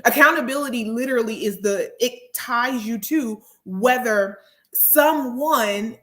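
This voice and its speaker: Earnest woman host with a higher voice. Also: a little slow, pushed and bright. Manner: earnest, preachy, repeats key phrases for emphasis. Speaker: therapist and speaker. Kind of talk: motivational talk.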